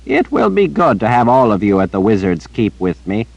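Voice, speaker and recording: A man's voice: on the low side, very animated, moderate pace, vocal fry, no room sound, lo-fi sound, voice pushed up, exaggerated voice. A man doing a kindly old wizard. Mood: fond.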